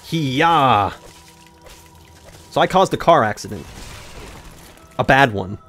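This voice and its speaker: A young man tells a long, rambling story while he plays, breaking off to talk to the game. His pitch leaps and swoops freely, and a faint music track runs underneath. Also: moderate pace, vocal fry, breathy edge. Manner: rambling, animated, talks to the game mid-story. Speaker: gaming YouTuber. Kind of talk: let's play commentary with storytelling.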